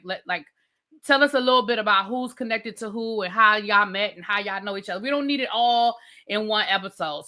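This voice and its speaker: Woman, review host, casual live rant, crisp bright tone, chatty asides to the audience. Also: mid-range voice. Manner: chatty, animated storytelling with frequent asides to viewers.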